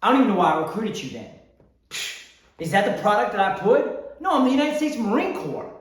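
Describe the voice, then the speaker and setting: A man voicing the Marine Corps as a brash male drill-sergeant figure who shouts and taunts. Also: sits high, animated, a little fast. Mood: taunting, fired up. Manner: loud, taunting, shouting pep talk. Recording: very echoey room, from a distance.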